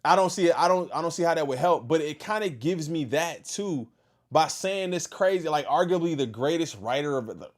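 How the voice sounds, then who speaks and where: Guy reacting on stream, kinda high voice, keeps going how does that make sense. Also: animated, a little fast. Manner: exasperated, questioning, repeats himself. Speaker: host reacting to a video. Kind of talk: casual reaction commentary.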